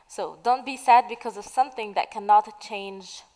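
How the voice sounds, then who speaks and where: A woman teaching the meaning of idioms in a slow, patient way, asking questions and then answering them. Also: mid-range voice, fairly even intonation, a little mellow, in a large hall, poor audio. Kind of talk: slow explanatory lesson narration.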